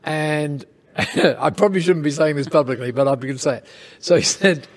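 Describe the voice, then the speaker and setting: A man telling a casual anecdote in an interview, lively, with chuckles and quick asides. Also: fairly high pitch. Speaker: interview guest, storyteller.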